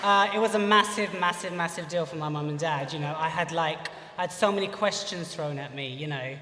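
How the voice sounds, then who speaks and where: A man's voice: a little high, a little fast, pushed and bright. A young British man telling a funny personal story on stage at a live lecture, chatty and full of "you know". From United Kingdom. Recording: echoey hall from far off.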